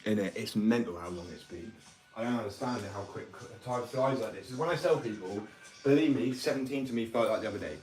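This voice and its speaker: A man's voice: fairly low pitch, fairly quick, a little mellow. A man, rambling, opinionated and sweary in casual chat. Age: 20s. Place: workshop room. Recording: echoey room, far from the mic, music behind.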